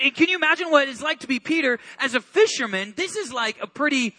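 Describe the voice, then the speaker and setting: A male pastor delivers a lively sermon with a very high, bright voice. He tells the story energetically, stumbling over quick restarts and slipping into acted asides.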